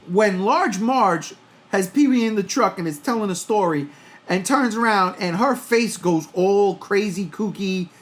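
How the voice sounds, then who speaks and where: A man in his forties hosting a casual pop-culture podcast, telling stories in a loose, profane, animated way. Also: high voice, unhurried. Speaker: podcast host.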